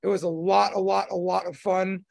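A man's voice: high voice, little pitch movement, normal speed, vocal fry, a little mellow. A man hosting a podcast, chatting casually in a rambling way with lots of fillers and restarts. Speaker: podcast host. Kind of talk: casual chat.

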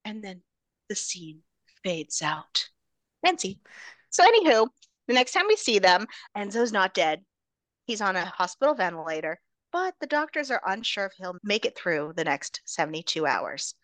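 A woman's voice: medium pitch, very animated, moderate pace, fairly bright tone, no echo. Dramatic woman recapping a story. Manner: dramatic storyteller, builds suspense. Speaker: podcast co-host. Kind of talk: casual book-recap chat.

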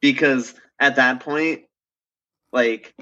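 A man chatting casually with a bright, forceful tone and a middle pitch. He talks in quick asides packed with filler words. The sound is dull and muffled. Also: fairly even intonation. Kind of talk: casual chat.

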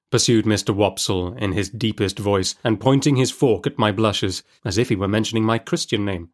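A man reading a classic novel aloud in a measured, expressive storybook narration. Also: lowish voice. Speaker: audiobook reader.

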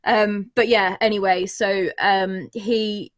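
Speaking slowly in a steady, medium-pitched voice, a young woman shares a candid personal story as a guest. Her account is earnest and emotional, with frequent restarts.

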